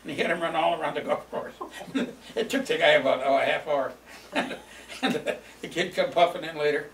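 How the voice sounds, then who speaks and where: A man's voice: fairly high pitch, moderate pace, fairly bright tone, slight background noise. An older man telling memories from his youth in a rambling, chuckling way, with many fillers. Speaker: storyteller. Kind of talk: reminiscing oral history. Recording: roomy, distant mic, faint ambience.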